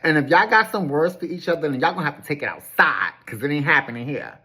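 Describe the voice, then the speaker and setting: A woman's voice: sits low, animated, fast talker, bright, forceful tone, husky, full character voice. A woman voicing a stern, classy hostess who shuts down a quarrel and sends it outside. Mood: scolding. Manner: firm, commanding, scolding.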